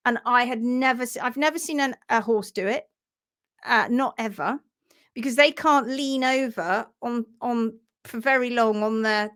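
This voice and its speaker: A woman, a hoof trimming instructor, telling an animated story on a live stream and acting out sounds and voices. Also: on the high side, normal speed.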